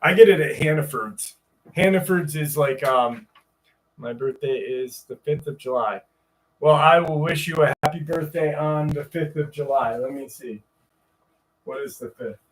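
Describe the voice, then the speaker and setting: Loose, joking male stream host, slightly high. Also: a little slow, slight background noise. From upstate New York. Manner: loose and joking, with frequent swearing. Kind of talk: casual live-stream chat and reading a story aloud. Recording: voice a bit distant from the mic.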